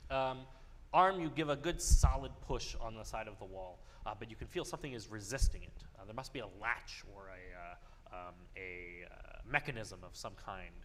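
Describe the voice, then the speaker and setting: Laughing, halting male game master. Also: fairly low pitch, expressive, fairly bright tone, slight background noise. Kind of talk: narrating a tabletop game.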